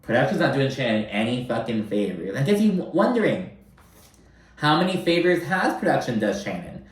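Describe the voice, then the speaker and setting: A sassy, animated man recaps reality TV in a loose, chatty way, swearing freely and mimicking people as he goes. His voice sits at an ordinary pitch and sounds a bit away from the mic. The room around him is echoey. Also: recorded from a distance. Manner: animated, sassy, swearing, acts out quoted cast members. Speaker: recap host.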